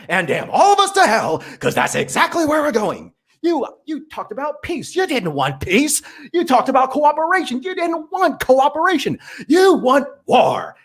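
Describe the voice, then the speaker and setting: A man voicing a furious male space commander and president who is fed up with bickering factions, delivering a shouted tirade. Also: very high voice, pitched above the performer's own voice, exaggerated voice.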